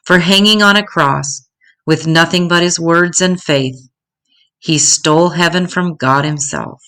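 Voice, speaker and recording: Older woman, low voice, storybook read-aloud, gentle measured pace.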